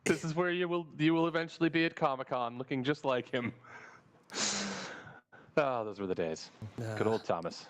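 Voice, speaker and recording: A man hosting a casual podcast, telling stories in a profane, lively way and acting out the people in them. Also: medium pitch, normal speed, pauses often. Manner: profane, animated storyteller who acts out quoted people. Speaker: podcast host. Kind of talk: casual storytelling chat.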